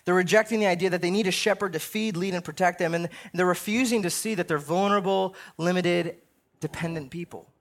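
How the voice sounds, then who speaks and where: A man's voice: high voice, a little fast. A younger man preaching a sermon in a conversational way, often checking in with "right?". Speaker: pastor.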